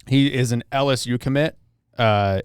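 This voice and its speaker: A man's voice: mid-range voice, moderate pace, clear, resonant tone, no room sound, studio quality. A young man co-hosting a podcast, chatting casually and joking, often laughing and restarting his sentences. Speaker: podcast co-host. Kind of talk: casual chat.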